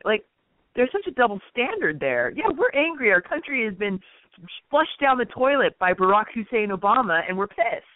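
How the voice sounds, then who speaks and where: A woman's voice: a little high, sing-song, fast, no echo. A woman guest on talk radio who chats with plenty of fillers and turns indignant as she goes on. Her voice is dry and thin, and it sounds tinny, like it comes over a phone line. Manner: chatty, hesitant, with many fillers, then indignant. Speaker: radio guest and political writer. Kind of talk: conversational political talk.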